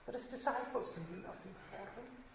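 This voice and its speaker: High-voiced guy giving a slow earnest sermon, echoey hall sound. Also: a little hiss or hum. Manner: earnest, emphatic, rising on scripture quotes. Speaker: preacher. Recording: echoey room.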